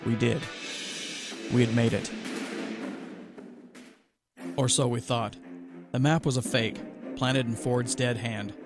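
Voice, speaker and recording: A man podcast host narrating a first-person adventure story in a steady way, with music playing underneath. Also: medium pitch, creaky.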